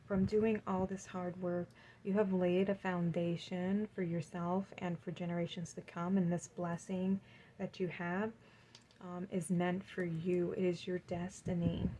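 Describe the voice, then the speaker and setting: A woman giving an encouraging tarot card reading, gushing with warmth and reading card affirmations aloud. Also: fairly low pitch, level tone, a little slow, slight background noise, poor audio.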